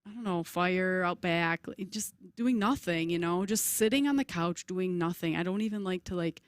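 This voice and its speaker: A woman in her forties, a podcast guest in casual chat, telling lively stories and acting out voices. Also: lowish voice, normal speed, no room sound, clean studio sound. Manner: chatty, animated storyteller, acts out voices.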